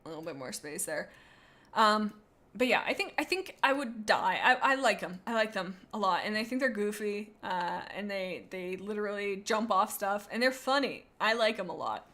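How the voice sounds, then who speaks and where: A young adult woman streaming, chatting casually in a rambling, excitable way as she gushes about cute animals. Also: medium pitch, moderate pace. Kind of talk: casual livestream chat.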